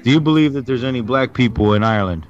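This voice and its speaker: A man's voice: medium pitch, quick pace, soft background music. Teasing male co-host, dull lo-fi sound. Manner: teasing, needling. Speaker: podcast co-host. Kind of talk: casual chat. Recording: dull lo-fi audio.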